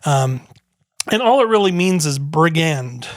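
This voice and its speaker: Guy cohosting a podcast, high lively voice, dry close sound. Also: a little slow, no echo. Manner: chatty, explains the topic, jokes. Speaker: podcast co-host. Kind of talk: casual chat.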